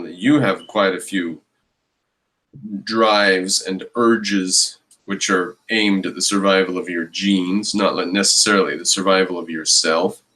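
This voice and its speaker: A man's voice: low voice, bright, forceful tone, rough recording. A man giving reaction commentary on a video clip, ranting with exasperated, mocking scorn.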